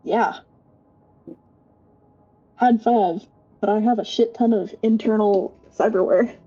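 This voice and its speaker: A woman playing in a tabletop role-play stream, excitable and playful, laughing often. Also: medium pitch, slow, breathy edge, dull audio, faint music behind. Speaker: tabletop game player. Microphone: home mic on a live stream.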